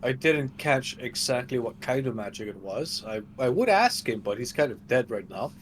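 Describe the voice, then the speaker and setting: Deadpan man playing a tabletop game. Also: medium pitch, normal speed, a little hiss or hum. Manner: deadpan, nonchalant. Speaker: player. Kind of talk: casual in-character chat.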